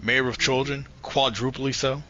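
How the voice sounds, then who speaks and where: A man co-hosting a podcast in casual chat, animated and profane, laughing often as he jokes around. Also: medium pitch, normal speed, dull audio, faint music behind. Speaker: podcast co-host.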